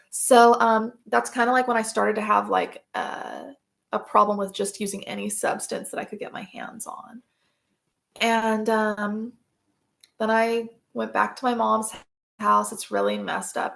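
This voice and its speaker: A woman's voice: mid-range voice, gravelly, fairly bright tone. A woman, a podcast guest, telling personal stories in a casual, rambling way, full of fillers and restarts.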